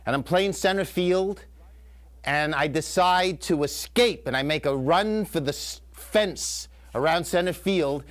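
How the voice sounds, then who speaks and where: Brief: male storyteller, live studio telling, lively pitch, acts out voices, shouts to whispers. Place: community TV studio.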